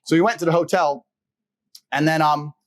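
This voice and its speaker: A man talking as a podcast guest, telling a personal story in a fast, animated, blunt and profane way. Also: fairly high pitch. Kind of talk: conversational storytelling.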